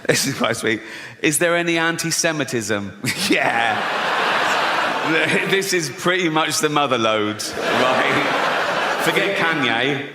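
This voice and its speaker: Sardonic middle-aged comic, slightly high voice, swears freely, live theatre reverb and crowd. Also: male voice, lively intonation, a little slow. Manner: sardonic, swearing, breaks into laughs, mimics people in silly voices. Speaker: stand-up comedian. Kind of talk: stand-up comedy set. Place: large theatre stage with a laughing audience. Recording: long hall reverb, audible crowd noise.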